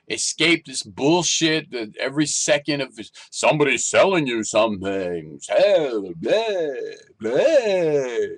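A man ranting in a casual vlog, animated and rambling, with restarts and exasperated complaints. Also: on the high side, dry recording. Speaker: vlogger.

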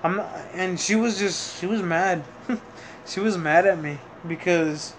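A man's voice: high voice, measured pace, slight background noise. A young man telling a rambling personal story in a casual vlog, full of fillers, self-corrections and the odd swear word. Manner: occasional swearing. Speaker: vlogger.

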